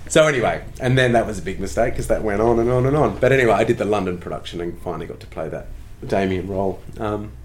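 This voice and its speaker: During an interview, an actor from Tasmania with an Australian accent casually shares anecdotes, poking fun at himself. His male voice is fairly low and quick, with few pauses, and there's a little hiss or hum in the audio.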